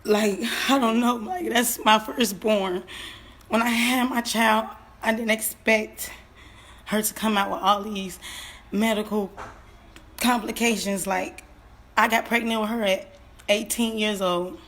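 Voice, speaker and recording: Nervous, halting young woman on a live stream. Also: medium pitch, fairly even intonation, a bit bright. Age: 20s. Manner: halting, filler-heavy, repeats herself. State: nervous and shaky. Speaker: grieving mother telling her story.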